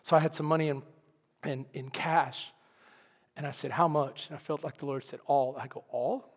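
A man preaching a sermon, telling a story with acted-out dialogue, laughing often and swinging from quiet to loud. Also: a little high, level tone, moderate pace. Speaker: pastor. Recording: long hall reverb.

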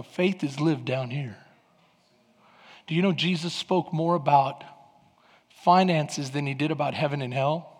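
High husky guy preaching hard, big church echo. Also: a little mellow. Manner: fervent, emphatic preaching. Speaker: pastor. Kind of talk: sermon. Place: church sanctuary. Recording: long hall reverb.

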